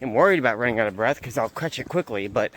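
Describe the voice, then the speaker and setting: A young adult man vlogs himself on a mountain trail outdoors, holding a handheld camera. Out of breath, he talks fast in an excited, chatty way at a middle pitch, often repeating words in this casual hiking vlog.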